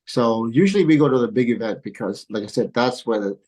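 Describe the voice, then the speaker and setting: A middle-aged man, a golf coach, telling animated stories in a podcast interview, laughing often and acting out what people said. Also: medium pitch, fairly quick, poor audio. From came to the U.S. as a kid. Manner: excitable, laughs often, acts out quoted dialogue. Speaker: golf coach and father of a pro golfer.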